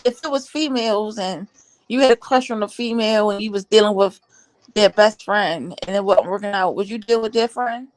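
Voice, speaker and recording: A woman's voice: mid-range voice, brisk, dry recording. A woman co-hosting a livestream chat, blunt and teasing, with slangy talk. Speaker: livestream co-host. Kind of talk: casual chat.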